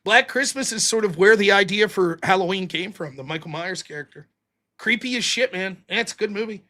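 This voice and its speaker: A man's voice: high-pitched, fairly quick. A man with a Pittsburgh accent, hosting a live stream and rambling casually with swearing. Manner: rambling, profane, lively. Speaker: livestream host.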